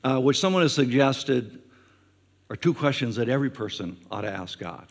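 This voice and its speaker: A man's voice: medium pitch, normal speed, vocal fry, slightly rough. Man preaching in a reverberant hall. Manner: conversational preaching with frequent fillers; animated, acts out questions in a raised voice. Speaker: pastor. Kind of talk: sermon.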